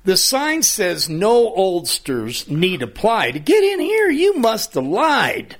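Man voicing giggly jeering clinic staff, high teasing sing-song, very lively. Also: slow pace, full character voice.

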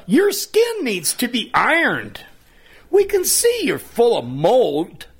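A man doing high jeering clinic staff. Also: huge pitch swings, slow pace, vocal fry, slightly rough, heavily acted. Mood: teasing. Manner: high teasing sing-song rhyming. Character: mocking young clinic staff, jeering and giggly.

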